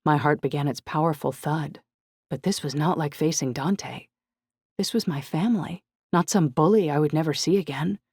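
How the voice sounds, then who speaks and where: Steady woman narrating a novel. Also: sits low, moderate pace, slightly rough, no echo, studio quality. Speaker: audiobook narrator. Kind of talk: first-person scripted narration.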